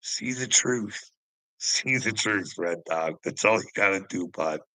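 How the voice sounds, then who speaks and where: A Canadian man hosting a livestream, goading the people in his chat and chuckling after nearly every line. He talks in an unhurried drawl with a bright, forceful edge, and his voice is close and dry with no room sound. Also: fairly low pitch, dry recording, low-quality recording. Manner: taunting, laughs often between phrases; addresses chatters by name, mocking. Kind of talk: casual livestream chat with viewers.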